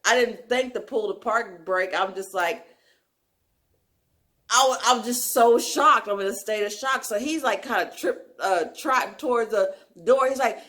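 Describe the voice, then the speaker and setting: A young woman telling a wild story in a casual storytime vlog, animated and full of filler words. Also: medium pitch, moderate pace. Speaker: storyteller, channel host.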